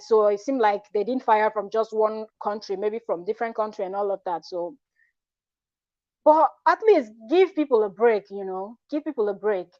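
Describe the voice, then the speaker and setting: A woman's voice: mid-range voice, dark tone, no echo, lo-fi sound. A woman vlogger talking casually and frankly, rambling with restarts and asides. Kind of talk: casual commentary vlog.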